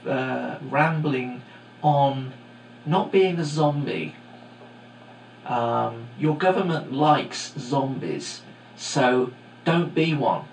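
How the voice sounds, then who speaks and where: A middle-aged man rambles through a podcast monologue in a gravelly voice, full of fillers and digressions. His voice echoes in the room, and a faint hum sits underneath. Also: medium pitch. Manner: casual, digressive, many fillers. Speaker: podcast host and teacher. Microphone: home microphone.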